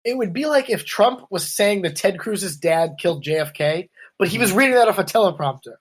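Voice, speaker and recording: A man's voice: high-pitched, lively intonation, brisk, breathy edge. A man co-hosting a podcast, chatting casually and sarcastically about politics over a webcam. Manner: riffing, sarcastic, puts on quoted voices. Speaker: podcast co-host.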